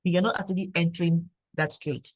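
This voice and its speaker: A woman's voice: fairly low pitch, steady tone, fairly quick, no room sound, rough recording. A woman speaking at an online meeting, sharing her story and giving advice, who stammers and repeats words now and then.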